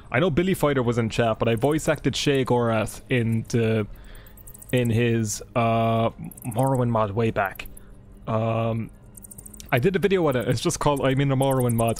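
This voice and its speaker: A man's voice: mid-range voice, a little mellow. A man streaming a game live, rambling casually, joking and swearing as he chats with viewers. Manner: rambling, chatty, swears and jokes with chat. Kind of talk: casual live gameplay commentary. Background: game music.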